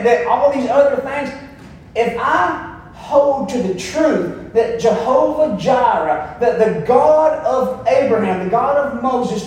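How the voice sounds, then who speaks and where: A man preaching to his congregation in a high voice, emphatic and calling for amens. His voice rings through a very echoey church hall, picked up from well away from the mic. A faint hiss sits underneath. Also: darkish tone. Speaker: pastor. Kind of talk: sermon. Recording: echoey room, from far off.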